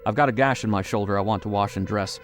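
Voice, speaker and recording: A man's voice: fairly low pitch, fast, soft background music, lightly acted. A man voicing a tough, resentful backwoodsman who answers curtly and angrily. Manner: curt, angry.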